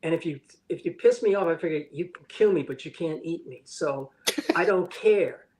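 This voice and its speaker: A man's voice: on the high side, normal speed, noisy background. Blunt, profane older man telling stories. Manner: blunt, profane, acts out quoted dialogue. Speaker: animation director and guest. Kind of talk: candid storytelling interview.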